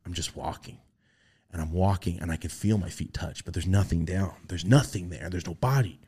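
A man's voice: fairly quick, slightly rough. A young man on a podcast telling a story in casual chat, swearing freely and acting out the voices he quotes. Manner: animated, swearing, acts out quoted voices in a high pitch. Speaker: podcast host.

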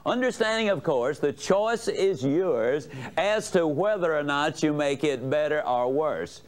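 A man delivering a motivational talk with a fairly high voice that swings widely up and down. He tells folksy, joking stories and puts questions to his listeners. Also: animated, unhurried. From United States. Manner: folksy, humorous storytelling with audience questions. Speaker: motivational speaker. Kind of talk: motivational lecture to a live audience.

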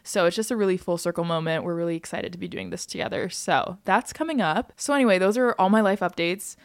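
A young American woman hosting a podcast, chatting casually and bubbly, speeding up in quick bursts with frequent laughs. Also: fairly low pitch, dry recording, studio quality. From United States. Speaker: podcast host.

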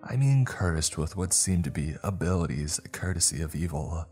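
A man voicing a cold, menacing teenage boy who speaks in a low, detached drawl. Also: lively intonation, moderate pace, mellow, faint music behind.

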